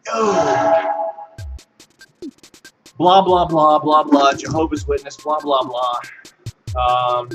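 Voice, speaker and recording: A man's voice: fairly high pitch, slow, pauses often, over music. A man delivering a mocking comedic rant in a sarcastic, sing-song manner, often tagging lines with "okay?". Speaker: comedic host.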